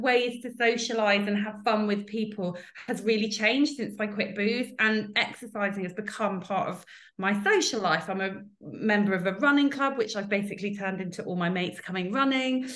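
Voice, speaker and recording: A woman's voice: mid-range voice, moderate pace, a bit bright. A woman in her thirties from the UK talks openly on a podcast. She is self-deprecating and often laughs at herself. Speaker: podcast guest. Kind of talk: casual chat.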